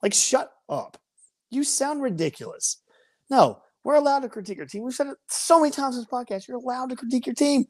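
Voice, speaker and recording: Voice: high voice, animated, fairly quick. Podcast co-host, heated and ranting, voice swings up and down a lot. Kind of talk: casual sports podcast chat.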